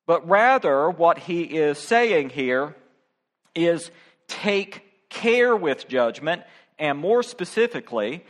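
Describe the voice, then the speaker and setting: A middle-aged man preaching a sermon as pastor, speaking directly and emphatically to his congregation. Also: a little high. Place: church.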